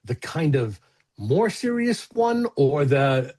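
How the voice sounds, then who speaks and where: A man's voice: a little high, big pitch swings, takes it slowly, a little mellow. A middle-aged man co-hosting a podcast, talking in casual, rambling chat with lots of fillers, restarts and swearing. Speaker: podcast co-host.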